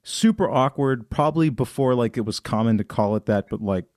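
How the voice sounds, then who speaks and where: A man's voice: medium pitch, a little fast, darkish tone, no room sound, clean studio sound. A young man co-hosting a podcast, telling a long story in loose, profane casual chat and acting out the people he quotes. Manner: loose storyteller, swears a lot, acts out quoted voices. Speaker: podcast co-host.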